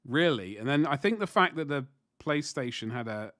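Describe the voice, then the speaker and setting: A man's voice: medium pitch, expressive, moderate pace, a bit bright, dry recording, studio quality. A man in his forties chatting casually on a livestream while painting miniatures, rambling and self-deprecating as he answers chat. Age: 40s.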